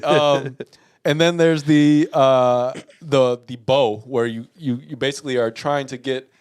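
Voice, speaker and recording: A man's voice: medium pitch, steady tone, a little slow, darkish tone, clear, resonant tone. Profane, laughing man telling stories. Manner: laughing, profane storytelling with quoted voices. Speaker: podcast co-host. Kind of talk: casual chat.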